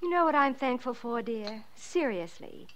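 A gentle small-town wife and mother with a light, fairly high voice, calm and reflective. Her tone moves with lively turns, in 1940s radio acting. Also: moderate pace, slight background noise. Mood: content.

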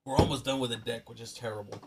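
A man's voice: medium pitch, steady tone, fast, a little mellow, a little hiss or hum. A man co-hosting a podcast, chatting and joking while counting cards in a drinking game. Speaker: podcast co-host. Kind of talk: casual chat during a drinking card game.

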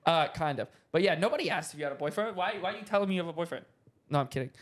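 A man's voice: on the high side, lively intonation, rapid-fire. A man hosting a podcast in casual chat, telling stories in a jokey, teasing way with plenty of slang. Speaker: podcast host.

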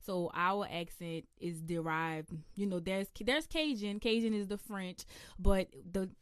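Woman, New Orleans accent, young adult, casual interview guest, slang-heavy, smooth voice, dry close sound. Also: mid-range voice, measured pace, no room sound. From New Orleans, USA. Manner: relaxed, laughs often, uses local slang.

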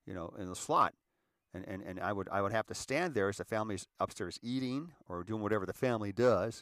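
A man in his fifties telling his own life story to an audience, earnest and halting, often repeating words as he restarts. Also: fairly low pitch, fairly bright tone, no room sound, clean studio sound. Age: 50s. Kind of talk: personal monologue addressing an audience.

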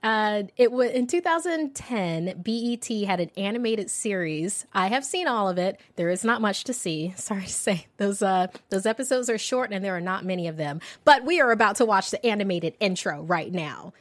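A woman hosting a casual movie news chat, animated and joking with sudden swings in pitch. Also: normal speed, hardly any pauses, no room sound. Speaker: podcast host.

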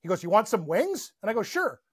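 High-voiced rambling male co-host. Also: a little fast, breathy edge, dry recording, studio quality. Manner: rambling, animated storyteller. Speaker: podcast co-host. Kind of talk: casual sports betting chat.

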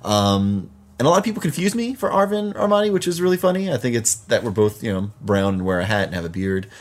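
A man in his thirties co-hosting a casual book podcast, animated, with lots of fillers and restarts and easy laughter. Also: mid-range voice, fast. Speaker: podcast co-host. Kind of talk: casual chat about books.

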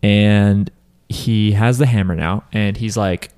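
Low-voiced man recapping a show. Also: fairly even intonation, slow pace, a little mellow, smooth, no room sound, clean studio sound. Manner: retells scenes, acting out characters' lines. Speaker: podcast host recapping an anime. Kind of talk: casual chat.

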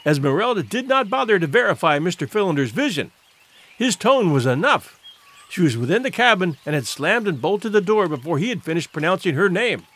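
A man reading a classic adventure novel aloud as an audiobook narrator, in an expressive, dramatic storytelling manner. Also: sits high, brisk.

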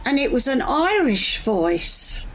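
An older woman, an eyewitness telling her memories in plain, unhurried sentences. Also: high voice, sing-song, a bit bright, poor audio. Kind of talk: interview recollection.

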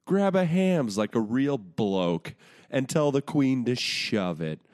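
A man's voice: mid-range voice, lively intonation, slow, no room sound, studio quality. A man voicing a brash mock Cockney brawler in a fake Cockney accent, in a podcast ad read. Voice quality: shouty, exaggerated. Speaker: podcast co-host reading ad.

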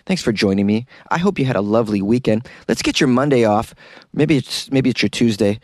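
A man's voice: mid-range voice, animated, fairly quick, a little mellow, no room sound, clean studio sound. Irreverent man hosting a comedy news podcast. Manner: irreverent, rambling, laughs at own jokes.

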